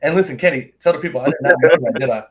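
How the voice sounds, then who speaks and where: A man co-hosting a livestream music competition, talking in an animated, exclamatory way. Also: mid-range voice, racing, crowd noise. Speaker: co-host. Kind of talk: casual livestream banter.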